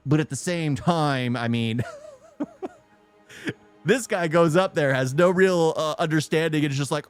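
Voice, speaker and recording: A man casually reacting to news clips, animated and stammering, laughing often. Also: on the high side, unhurried, long pauses, clean tone, no echo, faint music behind. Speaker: reaction streamer.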